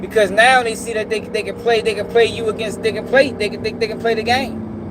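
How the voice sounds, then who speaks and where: A man talks straight to his viewers in a casual, profane rant. His voice sits fairly high for a man, and a light hiss of noise runs underneath. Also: steady tone, a little fast. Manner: blunt, profane, addresses viewers as y'all. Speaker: commentator reacting to news clips. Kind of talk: casual commentary.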